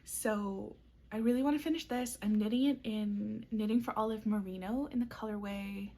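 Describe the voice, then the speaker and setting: A woman's voice: medium pitch, fairly even intonation, moderate pace, dark tone, slight background noise. A young woman talking casually to camera as a knitting vlogger, upbeat and chatty with frequent ums and little laughs. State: has the hiccups. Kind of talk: casual chat.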